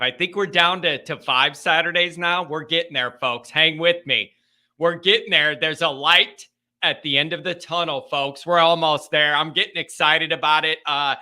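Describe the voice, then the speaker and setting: Male host, bright and forceful tone, chatty and self-mocking, speaks straight to his audience on a casual call-in show. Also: high-pitched. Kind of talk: casual chat to viewers.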